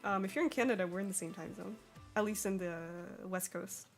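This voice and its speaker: A young woman with an American accent, chatting with her live-stream audience while she draws, bubbly and quick to laugh. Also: mid-range voice, faint music behind. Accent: General American. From Sweden. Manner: bubbly, giggly, reads chat aloud. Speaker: artist streamer.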